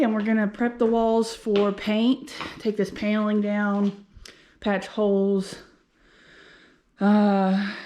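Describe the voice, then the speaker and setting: Chatty woman, mellow voice. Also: medium pitch, a little hiss or hum. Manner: chatty, upbeat, thinking aloud. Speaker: vlogger and game lounge owner. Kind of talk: casual walking tour. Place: empty commercial unit, indoors.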